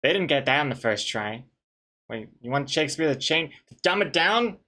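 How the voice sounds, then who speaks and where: Guy streaming his comic art, reads chat out loud, dry jokey banter, rambles a bit. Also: a little high, lively intonation, normal speed. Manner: rambling, frequent restarts. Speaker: webcomic artist streaming. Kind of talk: casual live-stream chat.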